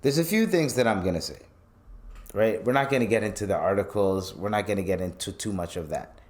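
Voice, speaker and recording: This Canadian podcast host talks in a lowish voice at a fairly quick clip. He tells stories in a loose, profane rant, swearing freely and acting out the people he quotes with animated flair.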